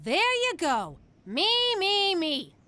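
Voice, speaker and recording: Bitter, fed-up wife. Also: female voice, very high-pitched, wildly swooping pitch, slow pace, bright, forceful tone, no echo, full character voice. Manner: cold, bitter. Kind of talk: adult cartoon voice acting.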